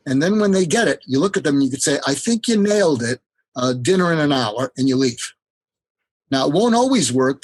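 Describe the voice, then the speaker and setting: A man's voice: on the high side, breathy edge, dry recording, poor audio. A man speaking as a podcast guest, earnestly explaining ideas and giving step-by-step tips with frequent hesitations. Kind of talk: explanatory interview talk.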